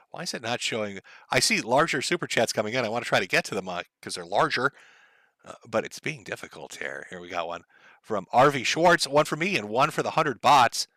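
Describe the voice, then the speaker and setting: Animated, foul-mouthed male livestream host. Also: medium pitch, no echo. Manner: profane, heated and sarcastic. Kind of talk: ranting live commentary, reading viewer messages.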